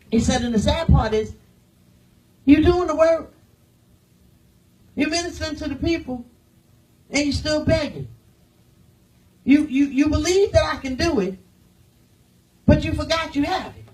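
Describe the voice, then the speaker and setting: A woman pastor preaching a sermon, firing rhetorical questions at the congregation and swinging from loud declarations to hushed, near-whispered lines. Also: sits high, expressive, measured pace, long pauses, far from the mic, low-quality recording.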